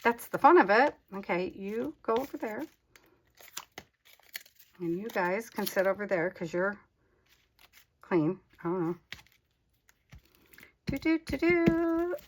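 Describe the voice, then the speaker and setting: A woman's voice: mid-range voice, unhurried, long pauses, slight background noise. A woman hosting a casual crafting vlog, chatting candidly and talking to her supplies as she works. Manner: self-deprecating and candid. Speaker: crafting channel host.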